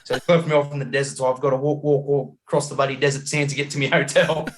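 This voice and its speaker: An Australian man telling a travel story as a podcast guest over a video call, animated and laughing often, acting out the people he met. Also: medium pitch, fast talker, slight background noise. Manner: animated yarn-spinning, acts out voices, laughs often.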